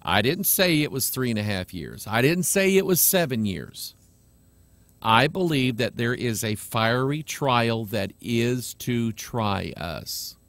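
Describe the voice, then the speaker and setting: A man's voice: medium pitch, animated, unhurried, fairly bright tone, no echo. A man, a pastor and webcast host, preaching bluntly and mocking imagined critics on a live webcast.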